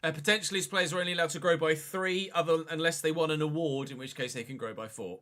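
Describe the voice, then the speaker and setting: A man's voice: on the high side, fast talker, fairly bright tone. A young man streaming a football management game, chatting casually, swearing and answering his chat. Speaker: gaming livestreamer. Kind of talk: casual live game commentary.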